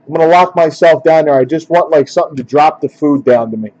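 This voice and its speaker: A man's voice: a little high, quick pace, mellow, highs cut off. A man hosting a casual card-opening break, grumbling and joking with his viewers.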